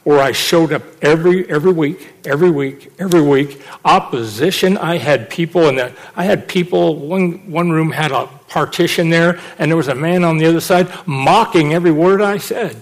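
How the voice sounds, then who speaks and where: A middle-aged male preacher delivering a sermon in a somewhat high voice. He presses his points hard and hammers key phrases again and again. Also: moderate pace, hardly any pauses, low-quality recording. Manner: emphatic, repeats phrases for stress.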